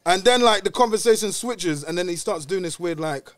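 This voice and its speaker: A young man telling a story in a casual podcast chat, animated and slangy, acting out dialogue. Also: sits high, fairly quick, a crowd in the background. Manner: animated, slangy, says "bruv" constantly, acts out dialogue. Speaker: podcast guest.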